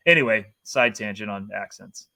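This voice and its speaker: A man's voice: fairly low pitch, moderate pace, sharp tone. A man from North Carolina co-hosting a podcast in casual chat, rambling and breaking off mid-sentence. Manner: rambling, self-interrupting. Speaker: podcast co-host.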